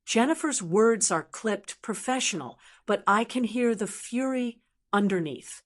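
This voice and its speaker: A woman with a mid-pitched voice reads a scripted first-person story. Her narration is steady and measured throughout.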